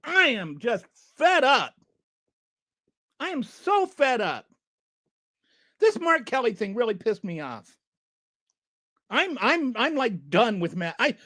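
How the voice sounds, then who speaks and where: Fed up, a channel host rants through sarcastic political commentary in a bright, forceful tone. His pitch swings widely and jumps sharply when he's exasperated, recorded dry and close without room echo.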